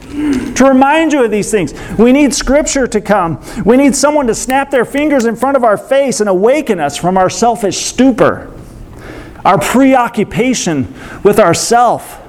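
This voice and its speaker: A man with a notably high voice preaching in an easy, conversational way. He circles back to his main phrases and keeps asking the congregation questions, now and then breaking into a small laugh. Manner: repeats key phrases, asks rhetorical questions, laughs lightly. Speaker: pastor. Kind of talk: conversational sermon.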